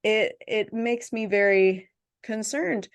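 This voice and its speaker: A woman hosting a podcast, chatting casually and telling family stories with quick asides. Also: medium pitch, smooth. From family from Jamaica. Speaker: podcast host. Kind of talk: casual chat.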